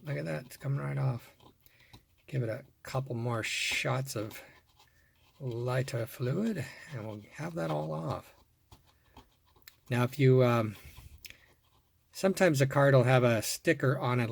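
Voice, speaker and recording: A man's voice: mid-range voice, creaky. Chatty man showing off toy cars. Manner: muttering softly while working, then bursting into excitement. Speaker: toy car collector and video host. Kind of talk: casual hands-on show-and-tell.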